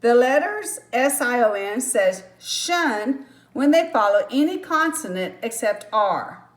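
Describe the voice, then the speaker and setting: A woman teacher slowly walking through a phonics lesson, patient and step by step, with small apologetic asides. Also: on the high side, animated.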